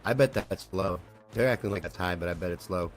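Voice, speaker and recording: A man's voice: low voice, fairly quick, soft background music. A man hosting a live comedy stream, rambling and swearing freely while he riffs on memes and news and asks viewers questions.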